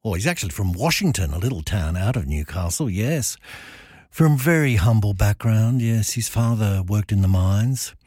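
Husky, low-voiced man chatting. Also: expressive, normal speed, darkish tone, dry recording, studio quality. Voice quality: chuckles often and affirms himself with repeated "yes". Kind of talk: chatty music commentary.

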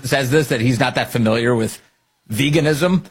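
A man's voice: mid-range voice, animated, moderate pace, breathy edge. A middle-aged man hosting opinionated political commentary, sarcastic and mocking, laughing often.

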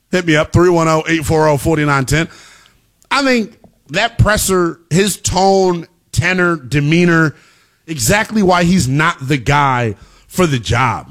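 A man hosting a sports talk radio show, delivering an emphatic monologue that rises to shouting at its peaks. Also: a little high.

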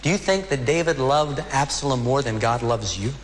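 A man preaching a sermon as a pastor, earnest and emotional, slowing down for dramatic pauses. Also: medium pitch, expressive, long reverb tail, slight background noise.

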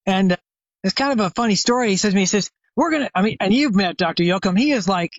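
A man's voice: high-pitched, fast, dry recording, muffled recording. An older man, a retired chiropractor, telling a long anecdote as a guest expert in an interview, with many fillers and restarts. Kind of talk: conversational storytelling interview.

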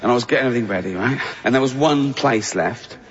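A man's voice: medium pitch, fast, long reverb tail, noisy background. A man doing a stand-up routine, telling a brash story and acting out the characters in it. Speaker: stand-up comedian. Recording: dull clip with loud crowd ambience.

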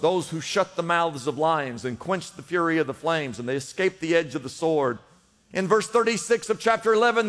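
A man with a high voice preaches from the pulpit, pressing each point home with repeated urging. His words ring out with a long reverb in a church hall. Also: fairly bright tone. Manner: emphatic, repetitive exhortation. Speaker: pastor. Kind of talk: sermon. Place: church in Los Angeles.

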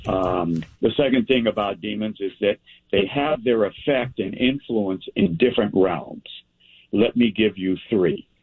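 Man as slow, low-voiced pastor teaching a men's Bible study over a tinny line. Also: breathy edge. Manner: unhurried, reads scripture aloud with verse citations, asks and answers his own questions. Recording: tinny phone-like sound.

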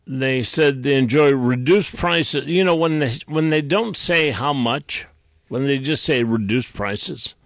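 Blunt, gruff radio talk show host man. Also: medium pitch, a bit bright, no room sound, studio quality. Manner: rambling with restarts, reads items aloud. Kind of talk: casual call-in radio talk.

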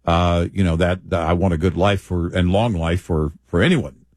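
A man co-hosting a talk show, speaking in a measured, deliberate way with hesitant restarts. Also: low-pitched, fairly even intonation, darkish tone, no room sound. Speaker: co-host. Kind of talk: opinionated talk-show banter.

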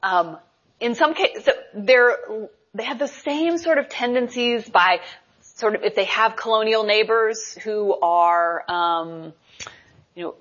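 A woman history lecturer talking through her answers with frequent pauses, fillers and restarts. Her voice is slightly husky and breathy, at an ordinary pitch. The recording is dull and lo-fi. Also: fairly bright tone. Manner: thinks aloud with many ums and restarts. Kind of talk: university lecture with Q&A.

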